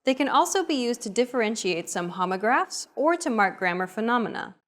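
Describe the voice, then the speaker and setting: A woman's voice: fairly high pitch, very animated, fairly quick, fairly bright tone. Woman reading grammar explanations evenly. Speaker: language teacher. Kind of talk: scripted language lesson.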